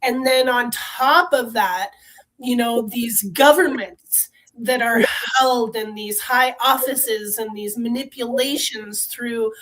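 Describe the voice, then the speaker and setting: A woman with a bright, high voice, speaking with the full force of a trained singer. She talks fervently and bluntly, swearing freely as she makes her case in casual conversation. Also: fairly even intonation, slow, low-quality recording. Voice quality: trained, strong voice. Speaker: podcast guest. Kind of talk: impassioned conversational rant.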